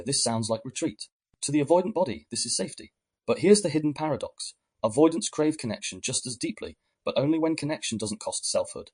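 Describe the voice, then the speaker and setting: A man hosting a podcast, giving measured, reflective scripted narration. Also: mid-range voice, darkish tone, husky. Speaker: podcast host.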